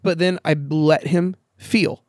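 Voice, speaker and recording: A man's voice: a little high, fairly even intonation, takes it slowly, no echo, studio quality. A man telling a story in a casual podcast conversation, candid and swearing freely, acting out the voices of the people in it. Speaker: podcast guest. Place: outdoors in a backyard.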